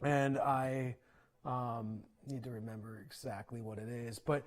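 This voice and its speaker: A man teaching percussion in an online clinic, explaining in a relaxed conversational way and often checking in with "right?". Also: medium pitch, measured pace. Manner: conversational, frequent "right?" check-ins and fillers. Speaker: percussion instructor.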